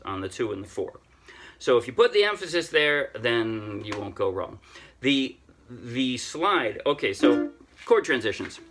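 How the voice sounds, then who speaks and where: An older man casually teaching a ukulele song, chatty and self-deprecating, thinking out loud with frequent restarts. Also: medium pitch. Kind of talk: casual music tutorial. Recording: ukulele playing loudly throughout. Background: ukulele playing.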